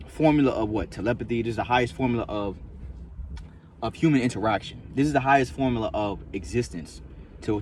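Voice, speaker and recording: A man's voice: mid-range voice, slight background noise. A man vlogging in a casual, rambling monologue, profane and repetitive, full of loose street slang.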